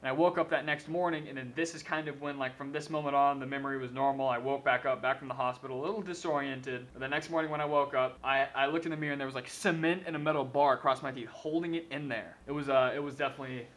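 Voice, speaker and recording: A man's voice: medium pitch, fairly even intonation, fast, hardly any pauses, a bit bright. A young man vlogging to camera, telling a rambling story in a casual, profane way with lots of asides.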